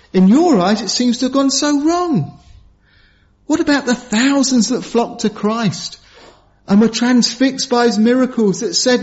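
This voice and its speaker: Earnest high-voiced man preaching. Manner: earnest, pleading, drops low and soft for emphasis. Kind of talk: sermon. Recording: dull lo-fi sound.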